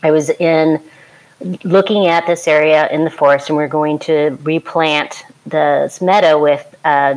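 A woman from California, an anthropologist and archaeologist, telling stories in a lively, rambling way with many restarts. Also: deep voice, rough recording. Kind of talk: conversational storytelling.

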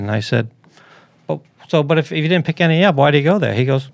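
A man's voice: fairly high pitch, quick pace, slight background noise. A man with a Boston accent talking with a podcast host, telling stories in an easygoing way. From Boston area. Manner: easygoing storyteller. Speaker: podcast guest. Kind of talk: casual podcast banter.

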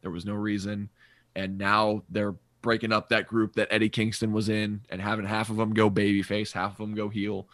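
Forceful, low-voiced opinionated man. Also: flat delivery, normal speed, dry recording. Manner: opinionated, emphatic, stumbles and restarts. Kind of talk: casual chat.

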